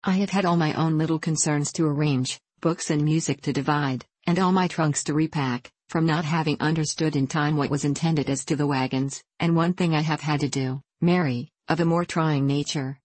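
A woman voicing a patient, sensible young woman who speaks calmly and reasonably in a storybook reading. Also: low voice, moderate pace, hardly any pauses, no echo. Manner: calm, reasonable.

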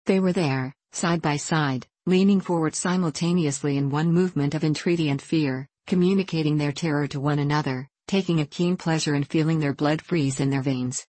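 A woman narrates a classic novel in a steady, measured way. Her voice sits low and even. The recording is dry and close, with no room echo. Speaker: audiobook narrator. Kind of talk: scripted narration.

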